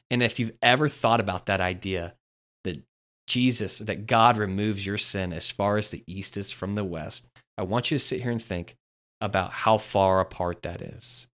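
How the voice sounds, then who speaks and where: A man with a somewhat low voice hosts a devotional podcast. He talks earnestly and builds his points like a storyteller. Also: moderate pace, fairly bright tone. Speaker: podcast host.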